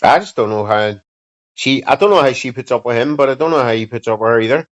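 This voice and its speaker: A man's voice: medium pitch, animated, quick pace. A man hosting a livestream, chatting casually and bluntly to his viewers with plenty of swearing. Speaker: livestream host. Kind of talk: casual rambling chat to viewers. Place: home streaming setup. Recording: dull lo-fi sound.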